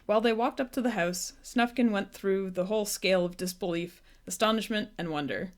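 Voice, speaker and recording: A woman reading a children's storybook aloud in a gentle, unhurried way. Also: mid-range voice. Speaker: storybook reader.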